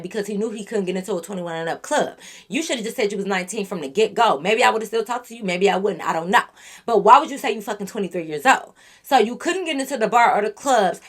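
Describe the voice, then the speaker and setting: A young woman telling a storytime on her channel, ranting bluntly and with lots of profanity at someone who lied to her. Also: mid-range voice. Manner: animated, blunt and profane, venting at the listener. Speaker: YouTube storyteller. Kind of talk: casual storytime rant.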